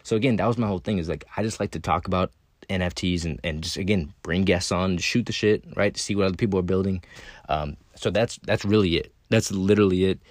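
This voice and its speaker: A man with a fairly low voice hosts his own podcast in a loose, unscripted monologue. He talks bluntly and swears a lot, leaning on "right?" and "again" as he goes. The sound is dry and close. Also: fast, dry recording. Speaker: podcast host. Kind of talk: casual monologue.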